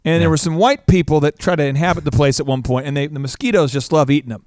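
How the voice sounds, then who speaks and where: A man hosting a business talk show as a coach, energetic and animated, telling stories. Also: on the high side, quick pace, dry recording, studio quality. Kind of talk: casual chat.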